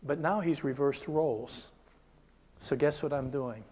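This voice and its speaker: An older man giving a conversational sermon at a Christian seminar, earnest and often checking in with his listeners, sometimes dropping to a hushed whisper. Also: medium pitch, a little slow, husky. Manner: drops to a hushed whisper when telling stories.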